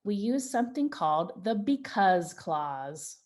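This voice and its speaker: A woman's voice: mid-range voice, sing-song, darkish tone. Patient woman teaching young children. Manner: slow, patient and encouraging, stretching out example sentences. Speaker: Montessori teacher. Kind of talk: children's writing lesson.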